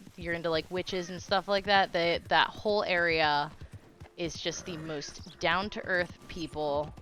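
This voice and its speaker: A woman's voice: on the low side, steady tone, a little slow, a bit bright, a little hiss or hum. A young woman chatting casually while streaming a game, telling stories and laughing often. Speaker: live streamer.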